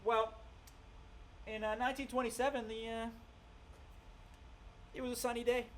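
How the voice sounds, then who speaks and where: A man's voice: extremely high pitch, little pitch movement, normal speed, fairly bright tone, slight background noise, voice pushed up. A man mocking an overconfident male meteorologist with shaky logic, in a raised voice. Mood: smug.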